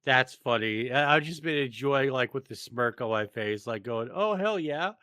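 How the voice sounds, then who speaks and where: A man's voice: medium pitch, fairly even intonation, moderate pace, sharp tone, clear, resonant tone, no room sound, clean studio sound. A man co-hosting a casual podcast, ranting sarcastically with lots of stammers and restarts. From United States. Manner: rambling, stammering, sarcastic rant. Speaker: podcast co-host. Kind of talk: casual chat.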